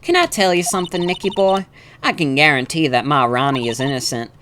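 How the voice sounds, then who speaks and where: A man's voice: a little high, expressive, a little fast, bright, forceful tone, slight background noise. Man doing a coy Southern-accented wife, syrupy and teasing. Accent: put-on Southern US. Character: sugary flirty wife, sweet-talking.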